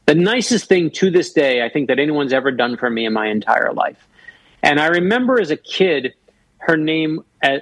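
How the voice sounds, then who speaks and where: Gravelly, husky man telling a story. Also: medium pitch, expressive, normal speed, fairly bright tone, dry recording, poor audio. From Florida. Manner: earnest storyteller who acts out quoted voices. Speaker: author guest. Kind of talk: storytelling in a radio interview.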